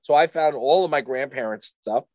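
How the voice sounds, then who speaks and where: A middle-aged man co-hosting a casual chat, rambling and halting with many restarts. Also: medium pitch, darkish tone, no echo. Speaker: podcast co-host.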